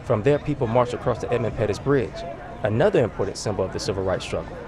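A male reporter reading a quick, scripted field piece in a mid-pitched voice. A loud crowd murmurs behind him. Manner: brisk, scripted narration.

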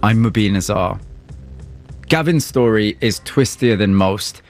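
A male radio host with a lowish voice narrates a scripted story and asks measured, sympathetic interview questions, with faint music playing behind him.

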